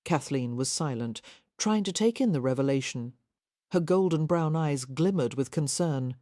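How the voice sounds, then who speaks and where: A woman narrating an audiobook romance in a measured, even manner. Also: deep voice, no room sound, studio quality.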